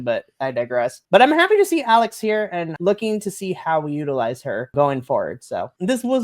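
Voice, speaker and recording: A podcast co-host giving a casual, animated wrestling review, laughing often and trailing off mid-sentence. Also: mid-range voice.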